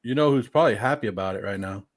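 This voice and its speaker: A man's voice: lowish voice, very fast. A man co-hosting a sports podcast, chatting in a laid-back, teasing way. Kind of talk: casual sports talk.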